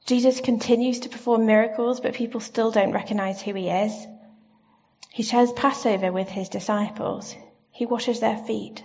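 Woman preaching in church, kinda gravelly, asks the congregation questions, recording a bit muffled. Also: medium pitch. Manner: gentle, reflective, asks the listeners questions. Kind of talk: sermon. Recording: slightly dull lo-fi sound.

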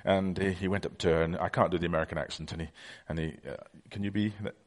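A man's voice: sits low, steady tone, racing. A middle-aged man preaching a conversational sermon, telling stories with many fillers.

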